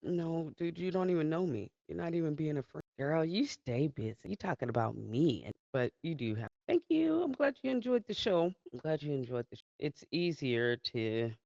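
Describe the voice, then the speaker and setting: Woman, casual live-stream chat, laughs a lot, gravelly and animated, dry lo-fi sound. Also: low-pitched, moderate pace, few pauses, dry recording. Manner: laughs often, chatty and animated.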